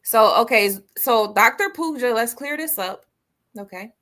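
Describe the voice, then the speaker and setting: American woman, podcast co-host: bright, forward tone; loose, joking, profane banter. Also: fairly high pitch, lively intonation, moderate pace. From United States. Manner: playful, profane, teasing banter. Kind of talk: casual chat.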